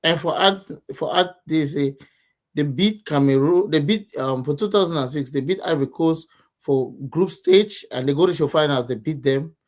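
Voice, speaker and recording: A man's voice: a little high, normal speed. A man with a Nigerian accent making earnest points in a casual football chat, repeating himself as he builds each point. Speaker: co-host.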